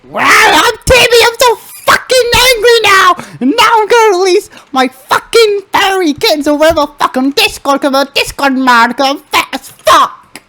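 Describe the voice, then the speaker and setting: A young gamer putting on a shrill, whiny, furious kid who shouts every word. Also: expressive, normal speed, hardly any pauses, slight background noise, exaggerated voice. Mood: ranting. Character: whiny angry kid Discord mod, shrieking.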